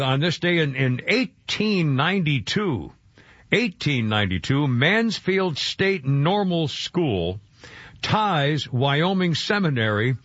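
A man's voice: mid-range voice, fairly bright tone, dry recording. A man in his seventies hosting a talk radio show, rambling and chuckling with lots of restarts. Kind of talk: casual talk radio chat. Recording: dull lo-fi radio broadcast, dry.

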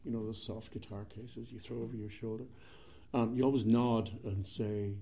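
A man with a Scottish accent, a guitarist telling a relaxed, cheeky anecdote before playing a tune. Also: lowish voice, normal speed, vocal fry. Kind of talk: storytelling between tunes.

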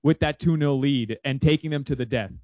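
A man's voice: mid-range voice, fairly quick, a little mellow, no room sound. Chatty man with a dry close sound. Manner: rambling, many restarts and fillers. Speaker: guest soccer analyst. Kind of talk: casual sports-betting chat.

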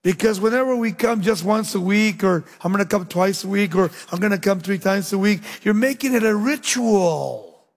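Male preacher with a high, husky voice, emphatic peaks falling to near-whispers, long church reverb. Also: moderate pace. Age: young adult. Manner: dramatic swings between loud emphatic lines and low hushed endings. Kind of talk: sermon.

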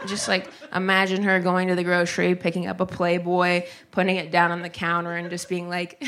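A woman's voice: fairly low pitch, monotone, moderate pace, fairly bright tone. A woman doing a stand-up comedy set, telling a story in a chatty way that builds to punchlines. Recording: noisy live recording.

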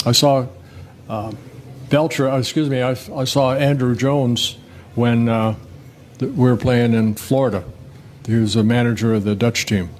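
A man's voice: medium pitch, slight background noise. An older man in an interview, telling rambling, folksy stories with many restarts. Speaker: guest, former pitcher. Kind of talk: relaxed interview storytelling.

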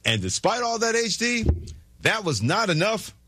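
A man hosting a sports talk show, delivering forceful, scolding commentary with heavy emphasis. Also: high-pitched, very animated, normal speed, slightly rough, dry recording.

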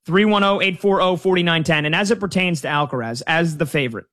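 A man's voice: on the high side, fairly quick, fairly bright tone. A man talking casually as a sports betting analyst, conversational with frequent fillers. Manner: conversational, uses fillers like "you know".

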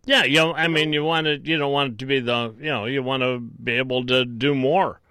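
A man's voice: medium pitch, fairly even intonation, a little fast, sharp tone, no room sound. A man hosting a call-in radio show, chatting easily with callers and rambling through frequent restarts. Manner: easygoing, rambling with many restarts. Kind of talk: casual call-in chat.

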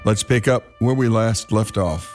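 A man hosting a radio storytelling show, speaking in a measured, heartfelt way. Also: fairly low pitch, darkish tone. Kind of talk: radio program narration. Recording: radio broadcast with faint music.

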